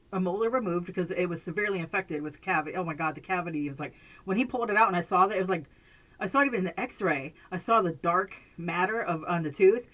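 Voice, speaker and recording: A woman talks casually to her camera from a room at home. Her voice sits fairly low, and she rambles through fillers, restarts and little laughs. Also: fairly bright tone, rough recording. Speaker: vlogger.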